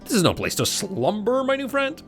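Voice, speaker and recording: A jolly, burly woodcutter greets a traveller in a hearty storybook voice, as a man puts him on. He sits higher than a plain speaking voice and swings widely in pitch. A faint bed of music runs behind him. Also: wildly swooping pitch, fairly quick. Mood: jovial. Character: friendly burly male woodcutter with shifting accents.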